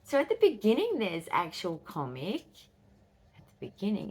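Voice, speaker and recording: A woman in her fifties with an Australian accent, chatting casually in a vlog and telling stories with quick, excitable asides. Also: medium pitch, gravelly, husky. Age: 50s. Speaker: vlogger. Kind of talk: casual chat.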